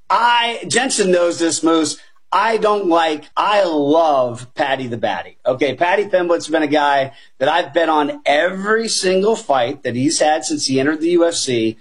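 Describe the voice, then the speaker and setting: With the drive of a seasoned sports-show betting analyst, this high, husky male voice energetically breaks down his fight picks. He keeps addressing the panel as "guys," stressing the points he likes most in animated betting chat.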